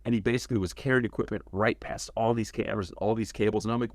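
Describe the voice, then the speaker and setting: A man as an interview guest, telling stories in a casual, animated way, acting out quotes and swearing freely. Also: lowish voice, fast talker, hardly any pauses, no room sound. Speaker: interview guest, former game cinematics director.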